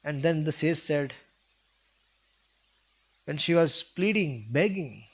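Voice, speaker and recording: A man's voice: a little high, animated, slow pace. A man giving a devotional talk, retelling a scripture story and voicing its characters with feeling. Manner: asks listeners questions. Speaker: preacher.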